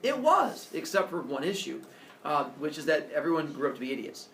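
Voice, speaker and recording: A man teaching a class, mixing a lecture with comic storytelling, acting out voices and sound effects in an animated, jokey way. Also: fairly high pitch, brisk. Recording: roomy echo, mic far off, faint room noise.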